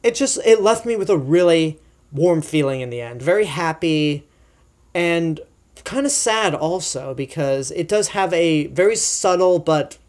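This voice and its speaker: A man's voice: a little high, lively intonation, unhurried, a little mellow. A young man giving a casual, chatty film review, enthusiastic and full of asides and fillers. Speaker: movie reviewer.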